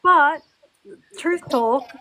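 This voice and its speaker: A woman with an Australian accent and a higher voice, guesting on a live stream. She talks slowly and hesitantly, filling gaps with um. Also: sharp tone. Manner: hesitant, many ums.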